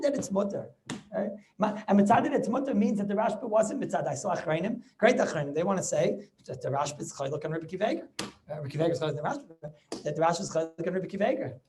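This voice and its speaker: Rabbi guy teaching talmud on a video call, super expressive up and down voice, tosses in yiddish words, keeps asking the class questions. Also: high voice, slight background noise. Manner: animated, mixes Yiddish and Hebrew terms, rhetorical questions. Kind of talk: lively Torah lesson over video call.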